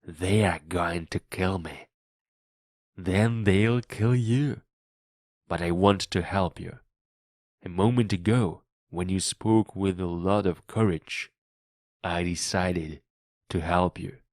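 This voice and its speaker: A man voicing a cunning old male pirate captain who reads his lines loudly and commandingly in a read-aloud audiobook. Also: low voice, takes it slowly, long pauses, no echo, clean studio sound. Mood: hushed, scheming. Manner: loud, commanding and threatening.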